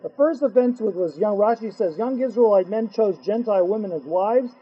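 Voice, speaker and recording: A man with an unusually high, husky voice teaching an animated Torah class. He fires off rhetorical questions, acts out bits of dialogue and mixes in Hebrew and Yiddish terms. The recording sounds dull and lo-fi. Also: fairly quick.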